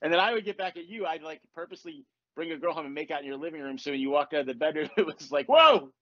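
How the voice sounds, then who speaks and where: A middle-aged man hosting a podcast, telling stories in a casual, animated way, swearing freely and laughing often. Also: a little high, rapid-fire, no room sound. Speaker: podcast host. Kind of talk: casual storytelling chat. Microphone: podcast mic. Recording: dull lo-fi podcast audio.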